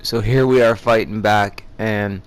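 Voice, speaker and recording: A man's voice: on the low side, steady tone, a little slow, clear, resonant tone. A young man hosting a gaming channel, talking casually over his gameplay in a chatty, rambling way.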